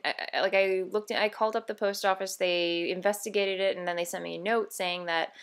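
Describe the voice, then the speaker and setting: A woman hosting a knitting video podcast, chatting casually and bubbly, rambling with fillers and self-corrections. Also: mid-range voice. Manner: bubbly and easily excited. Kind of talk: casual show-and-tell vlog.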